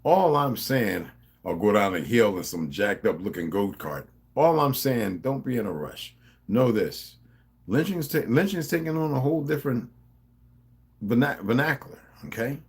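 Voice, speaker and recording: A middle-aged man with a New Jersey accent rambles to his subscribers in a husky, lowish voice. His pitch leaps around animatedly as he swears and challenges his audience. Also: expressive, normal speed. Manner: rambling, profane, confrontational, chuckling asides. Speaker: vlogger. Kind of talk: rambling casual monologue to subscribers.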